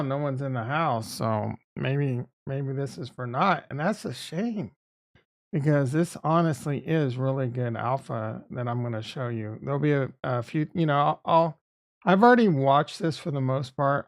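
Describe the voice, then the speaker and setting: A man chatting loosely on his own live stream, wandering off track and cutting himself short. He fills pauses with "uh" and "like" and talks at an everyday middle pitch. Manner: rambling and self-interrupting, with frequent fillers. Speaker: streaming channel host. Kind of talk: casual live-stream chat.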